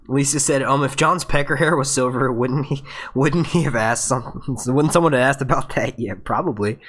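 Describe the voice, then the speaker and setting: Guy hosting a live fan q&a, rambling, keeps restarting his sentences, mid pitch. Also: normal speed, a bit bright. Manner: rambling, restarts and fillers, reads viewer questions. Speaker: host of a fan review show. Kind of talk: live Q&A breakdown. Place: home setup, phone nearby.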